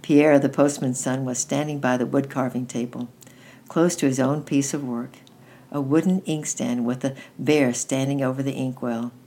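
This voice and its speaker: A woman reading a children's chapter book aloud at storytime, steady and gentle with occasional slips. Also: very deep voice, normal speed, a little hiss or hum. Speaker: storytime reader.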